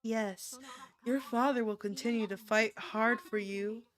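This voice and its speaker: Gentle formal mother, read by a woman. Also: a little high, steady tone, faint music behind. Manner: measured, formal and soothing.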